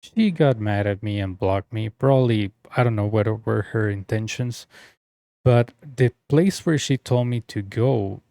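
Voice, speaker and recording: A man's voice: lowish voice, measured pace, dark tone, no echo, clean studio sound. A young man telling a personal story in a casual, rambling way, full of fillers and restarts. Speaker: story reader.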